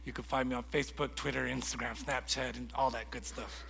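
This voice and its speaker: A man preaching a sermon in a lively storytelling way, acting out conversations as he goes. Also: medium pitch, a little fast, gravelly, long reverb tail, a little hiss or hum. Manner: animated storytelling, acts out dialogue. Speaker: guest preacher.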